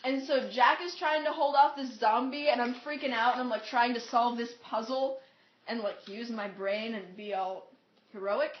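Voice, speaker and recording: A woman with a fairly high voice tells a story in a relaxed vlog, bouncing between narration and acted-out quotes and saying "like" a lot. The room is echoey and the sound is dull and lo-fi. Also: moderate pace, slight background noise. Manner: animated, acts out quotes, says "like" often. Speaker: vlogger. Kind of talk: casual storytelling.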